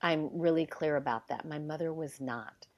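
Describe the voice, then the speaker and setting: A middle-aged woman telling a heartfelt personal story in casual conversation. She acts out the dialogue and sometimes drops to a hush. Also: low voice, normal speed. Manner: heartfelt and emotional.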